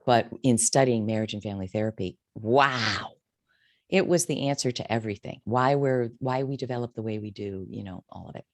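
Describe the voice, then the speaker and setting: A woman's voice: a little fast, no room sound. A woman in her fifties, a career coach telling her story candidly and emotionally in an interview. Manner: candid, emotional, wide swings in pitch.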